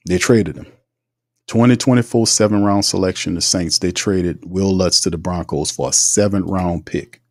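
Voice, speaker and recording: A man hosting a casual sports commentary livestream, slangy and animated, greeting viewers in the chat. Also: sits low, moderate pace, no room sound, studio quality. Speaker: host.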